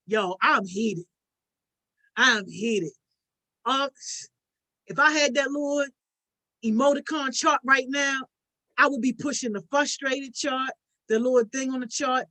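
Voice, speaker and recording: The speaker has a high-pitched, sharp voice, talks a little slowly and pauses often. As a youth program host chatting on a relaxed livestream, they greet viewers by name in turn using slang, tacking "yo" onto almost every phrase.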